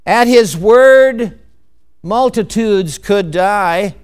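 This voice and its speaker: A man delivers a sermon in a slow, deliberate cadence, stressing key words and posing rhetorical questions. His voice is clear and resonant, fairly high for a man. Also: lively intonation. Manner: emphatic, measured preaching with rhetorical questions. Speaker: preacher.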